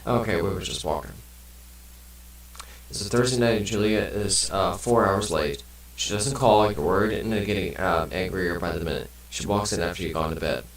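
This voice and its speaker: A man's voice: sits low, moderate pace, echoey room, recorded from a distance, low-quality recording. A man casually commenting on a game and reading its text aloud, rambling and swearing now and then. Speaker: let's play gamer.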